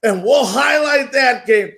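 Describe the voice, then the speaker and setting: Middle-aged man, sports radio host, gravelly high voice, slow, shouty, hammering his points home. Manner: emphatic, repetitive, building hype. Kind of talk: sports talk radio monologue.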